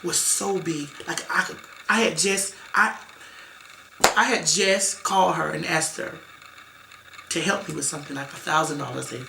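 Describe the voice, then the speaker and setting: Over a noisy background in an echoey room, a woman with a deep, gravelly voice speaks at a moderate pace as an interview guest. She tells a painful family story with emotion and emphasis, repeating herself often and acting out what her relatives said.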